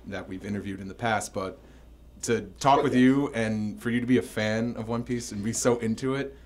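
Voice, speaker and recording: A friendly man with a slightly low voice hosts a podcast interview, asking questions and laughing along with his guest. He was recorded at a convention. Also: normal speed. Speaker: podcast host. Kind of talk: casual interview chat. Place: convention room.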